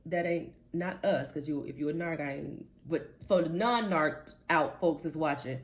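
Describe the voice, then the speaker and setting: With a deep voice at normal speed, a woman gives a motivational talk to camera as a life coach. She addresses viewers head-on in a blunt, casual way and repeats things to drive them home.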